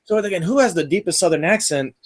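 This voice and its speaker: A young man hosting a casual podcast, rambling and filling pauses as he reads questions and tells stories. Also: high-pitched, slight background noise. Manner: rambling, many fillers and restarts. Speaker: podcast host.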